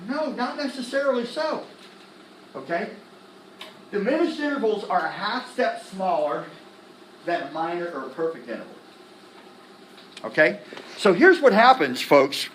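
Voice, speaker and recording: High-voiced man quizzing a class. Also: slight background noise. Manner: animated, quizzing the class with quick questions and slang like "dig?". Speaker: music theory teacher. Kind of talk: classroom lecture. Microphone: laptop recording the lecture. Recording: echoey classroom from a distance.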